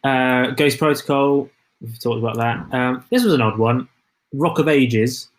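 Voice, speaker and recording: A man's voice: mid-range voice, a little slow. A man co-hosting a podcast, chatting casually and enthusiastically about films, often restarting his sentences. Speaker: podcast co-host. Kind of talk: casual film chat.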